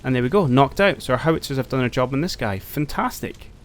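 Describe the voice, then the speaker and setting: A man's voice: medium pitch, expressive, fast talker. A man commentating his own strategy game, thinking aloud and talking to his units. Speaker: gameplay commentator. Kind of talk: casual let's-play commentary.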